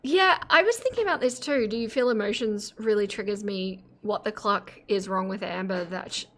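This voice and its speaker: A woman's voice: mid-range voice, moderate pace, a bit bright, a little hiss or hum. Woman host for live stream commentary; casual, giggly, self-deprecating. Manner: chatty, giggly, self-mocking asides.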